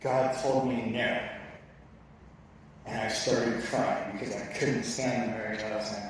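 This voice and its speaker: A man gives a heartfelt church testimony, speaking earnestly and sometimes haltingly as he recounts his story. His voice sits in the middle range and rings through a large, very echoey hall with a long reverb tail. He sounds set well back from the microphone, with faint ambient noise under him. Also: fairly low pitch, fairly even intonation, distant mic. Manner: earnest, emotional, halting delivery.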